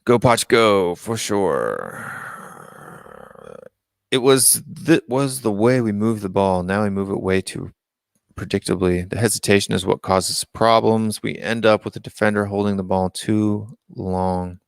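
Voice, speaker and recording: A man's voice: fairly low pitch, steady tone, moderate pace, vocal fry, clean tone, no room sound, studio quality. An American man hosting a casual live-stream call-in show, reading out viewer comments and musing on them aloud. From United States.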